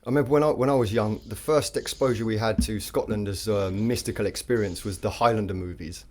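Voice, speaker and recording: A man's voice: fairly low pitch, steady tone, fast, darkish tone. A man on a casual live-stream chat, asking a question in a hesitant, rambling way with many fillers.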